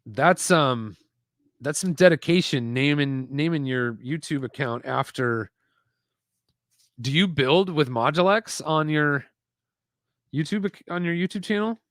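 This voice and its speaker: A man's voice: a little high, a little slow, long pauses, a bit bright, no room sound, studio quality. A man hosting a casual live stream while building a toy set, chatting loosely and reading out viewer comments. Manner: chatty, rambling, reads chat aloud. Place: home desk setup with screens.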